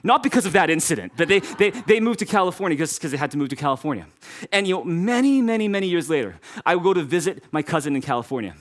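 A man's voice: on the high side, lively intonation, fast. A man preaching a sermon as pastor, repeating key phrases and speaking directly to his congregation.

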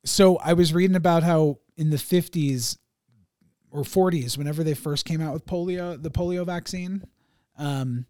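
Man, podcast host, casual chat, slightly high pitch, dry sound, laughing, swearing. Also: normal speed, dark tone, dry recording. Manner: laughing, swearing, acting out quoted voices.

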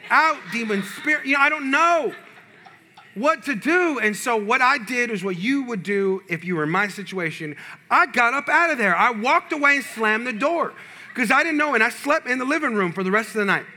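A male pastor preaching a sermon, telling a personal story with animated, humorous delivery to his congregation. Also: extremely high pitch, normal speed, a little hiss or hum.

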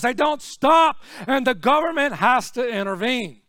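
Pastor, male, very high bright voice, dry close sound; preaches in swings from hush to shout. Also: lively intonation, moderate pace, few pauses, no echo. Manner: swings between hushed, low asides and shouted, repetitive preaching. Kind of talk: sermon.

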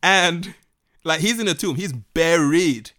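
A man retelling a Bible story in a lively, animated way, laughing often and acting out the voices of the people in it. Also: on the high side, slow pace.

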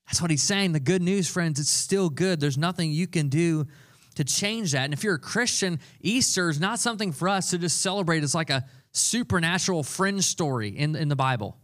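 A man's voice: fairly high pitch, lively intonation, moderate pace, a bit bright. A young adult man preaching a sermon, earnest and conversational, repeating key phrases for emphasis. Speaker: pastor.

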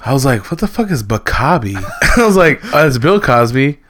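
A young man co-hosts a podcast late at night, his voice sitting in a medium range. He laughs often and jumps in with short, quick quips. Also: medium pitch, very animated, fairly bright tone, slight background noise. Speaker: podcast co-host. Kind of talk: casual late-night chat.

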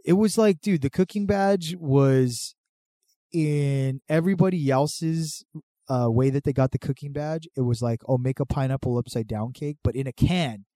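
Brief: mellow-voiced man, casual storyteller, swears a lot, dry close sound. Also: mid-range voice, moderate pace, no room sound. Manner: profane, animated storytelling. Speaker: podcast guest telling a story. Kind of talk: casual chat.

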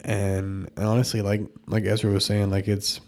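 A man with a low, mellow voice in a casual faith chat. He speaks haltingly, restarting his sentences and leaning on fillers. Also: completely flat delivery. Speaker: podcast co-host.

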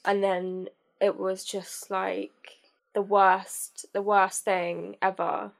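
A young woman telling a personal story as a podcast guest, candid and halting, with many fillers and restarts. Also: mid-range voice, little pitch movement, vocal fry.

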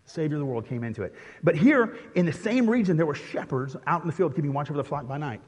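A man's voice: fairly high pitch, animated, fast talker, husky. A male pastor, casually directing a congregation through a nativity skit, chatty and laughing often. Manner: playful and chatty, laughing often, with many restarts. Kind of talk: interactive Christmas sermon, directing a live nativity skit. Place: church sanctuary. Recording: long reverb from a large hall.

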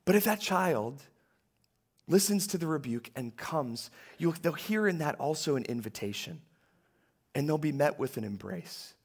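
A man preaching a sermon in a church, talking conversationally and moving between hushed lines and emphatic ones. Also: fairly high pitch, lively intonation, normal speed, slightly rough. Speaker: pastor.

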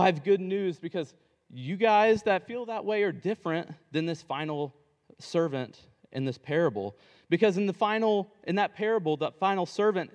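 A man preaching a sermon in a casual, conversational way, acting out the characters of a parable in quick dialogue. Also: a little high, in a large hall.

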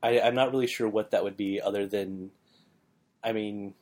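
A man with a flat Midwestern American accent, rambling easily through a casual podcast conversation. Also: lowish voice, moderate pace. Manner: relaxed, rambling, lots of fillers like "like". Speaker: podcast co-host.

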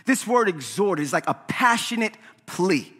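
A man preaching a sermon in a church, animated, often checking in with "right?". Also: high voice, a little slow, breathy edge, big-room sound. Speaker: pastor. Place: church sanctuary.

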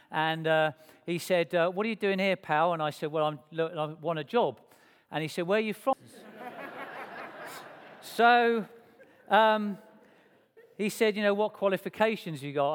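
Man telling his story in a reverberant church. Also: fairly high pitch. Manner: lively, self-mocking, acts out dialogue in quotes. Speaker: speaker sharing his testimony to a church congregation. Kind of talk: personal storytelling. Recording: long reverb of a church hall.

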